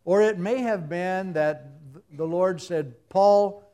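A man preaching with a somewhat high voice. He keeps it light, tells jokey stories and throws in his own sound effects. He often laughs along with the congregation. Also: takes it slowly, warm tone, smooth. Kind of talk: humorous sermon.

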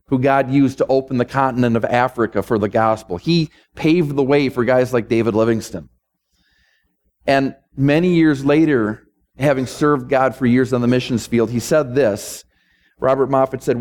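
A man's voice: medium pitch, darkish tone. Male pastor, mid-range voice, emphatic sermon delivery with repeated build-ups.

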